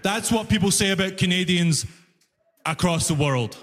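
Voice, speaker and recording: A man performing a stand-up comedy set, telling stories with animated delivery and shouted punchlines on a comedy club stage. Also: sits high, moderate pace. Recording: reverberant live room, faint ambience.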